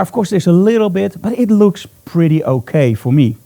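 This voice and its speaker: A man's voice: high voice, big pitch swings, normal speed, gravelly, few pauses, dark tone. A man teaching photography live in a studio, talking chattily and upbeat as he thinks aloud while he works. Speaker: photography instructor.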